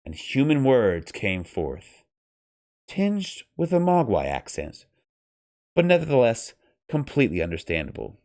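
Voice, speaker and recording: A man with a low, gravelly voice reading a storybook and chatting in a casual, joking way. His pitch swings widely and animatedly, and the sound is close and dry. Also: no room sound. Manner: animated, joking, swears freely. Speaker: streamer reading novelizations aloud.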